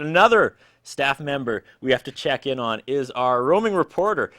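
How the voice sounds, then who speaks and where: A man's voice: medium pitch, expressive, moderate pace, few pauses, fairly bright tone. A man co-hosting a New Year's Eve TV show, bantering in a comedic, playfully exasperated way. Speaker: TV show co-host.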